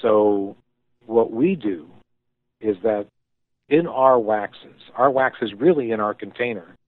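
A man being interviewed, telling a story with thoughtful pauses and frequent restarts as he explains things. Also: lowish voice, no echo. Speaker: guest, company founder. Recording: tinny phone-like line, dry.

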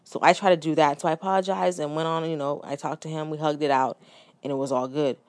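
A woman's voice: sits low, fairly even intonation, fast talker, a little mellow, dry recording. A woman in her thirties hosting a personal podcast, telling a story in a candid, reflective way with frequent restarts and asides. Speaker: podcast host.

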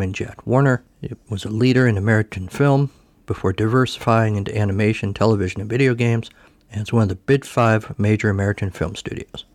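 Rambling, low-voiced male podcast host. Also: darkish tone, no room sound. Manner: rambling, self-correcting. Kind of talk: casual film recap.

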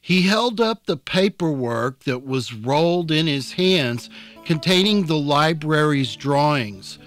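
A man narrating an audiobook chapter in a calm, unhurried storytelling manner. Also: fairly high pitch, soft background music.

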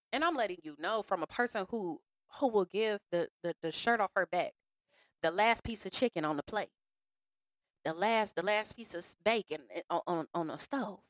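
A woman hosting a podcast in a casual monologue, frank and slangy, acting out other people in an animated way. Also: a little high, no echo, studio quality. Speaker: podcast host.

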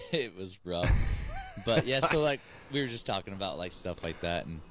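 A man's voice: low voice, very animated, moderate pace, a bit bright. A man co-hosting a casual podcast who rambles through anecdotes and chuckles often. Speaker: podcast co-host. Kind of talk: casual chat.

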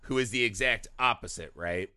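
A man co-hosting a casual film podcast, talking in an animated, profane way and laughing often. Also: fairly low pitch, moderate pace, clear, resonant tone, dry recording. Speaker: podcast co-host.

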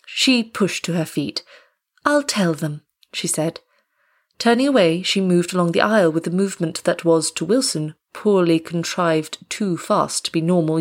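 A woman narrating an audiobook story in a steady, measured way. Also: on the low side.

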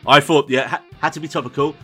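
A man hosting a podcast, running through the episode rundown in a quick, dry, teasing manner. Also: a little high, steady tone, a bit bright, husky, soft background music. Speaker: podcast host. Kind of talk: casual podcast chat.

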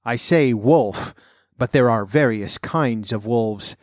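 Measured male fairy tale reader. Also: medium pitch, no room sound, clean studio sound. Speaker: narrator.

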